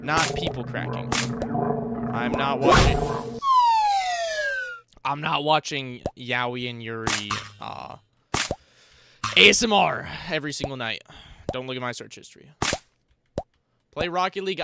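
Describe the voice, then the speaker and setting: A man's voice: mid-range voice, a little slow, long pauses. A young man streaming a game, chatting casually with viewers in a rambling, joking, slang-heavy way. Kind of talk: casual livestream chat while gaming. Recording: loud background noise.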